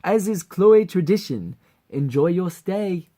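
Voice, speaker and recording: A man voicing a vain, high-strung male military general in a raised, haughty voice, as an amateur voice audition. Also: animated, slow. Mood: haughty threatening. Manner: haughty, loud and raised in pitch.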